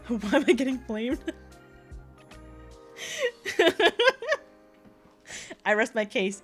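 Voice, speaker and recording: A woman's voice: mid-range voice, unhurried, pauses often, faint music behind. A young woman streaming, chatting casually with her chat, laughing often and tripping over restarts. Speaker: VTuber streamer.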